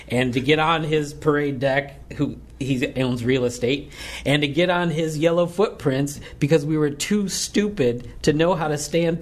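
A man co-hosting a podcast in casual chat, relaxed and joking. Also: mid-range voice. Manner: relaxed, joking, says "dude". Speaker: podcast co-host.

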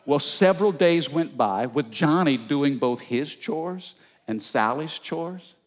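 A male pastor preaching a sermon, telling stories in an animated way and calling out to the congregation. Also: on the high side, takes it slowly. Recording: long church reverb.

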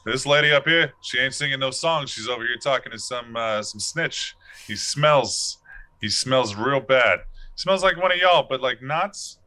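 A man's voice: mid-range voice, animated, moderate pace, sharp tone, pitched above the performer's own voice. A man voicing a streetwise male bird informant who talks like a 1920s gangster, with tough-guy slang. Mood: boastful. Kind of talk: tabletop role-play voice.

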